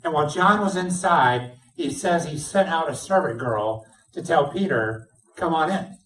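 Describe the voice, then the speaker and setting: A male pastor delivers a sermon as a vivid story, bringing its characters to life as he goes. His voice sits a touch high and rings through a roomy church sanctuary. The mic picks him up from some distance. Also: moderate pace. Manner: animated storytelling, acts out dialogue. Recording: roomy sound, speaker away from mic.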